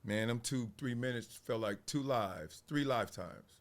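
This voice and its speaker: A man's voice: mid-range voice, a little slow. A man from Los Angeles hosting a show, telling a story in casual street slang and acting out the scenes with laughs. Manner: animated, acts out scenes with laughs. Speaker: host.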